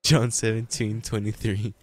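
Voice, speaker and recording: Lively, laughing preacher man, lowish voice. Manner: lively, laughing anecdotes with frequent restarts. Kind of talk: storytelling sermon.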